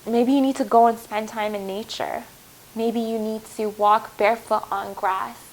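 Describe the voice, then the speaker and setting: A woman's voice: on the high side, steady tone, unhurried, slight background noise, low-quality recording. A woman giving a heartfelt spiritual tarot reading, earnest and reassuring, speaking to viewers as her loves. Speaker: tarot reader.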